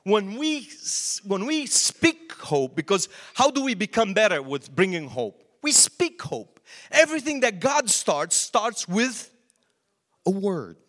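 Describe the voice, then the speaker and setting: A middle-aged man, a pastor, preaching a sermon with lively storytelling and acted-out quotes. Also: sits high, slow pace.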